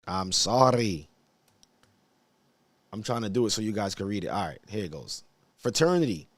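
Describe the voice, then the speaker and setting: A man's voice: fairly low pitch, big pitch swings, quick pace, no room sound. Man hosting a casual live stream. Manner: conversational, repeats himself, checks in with viewers often. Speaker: church elder hosting a live broadcast.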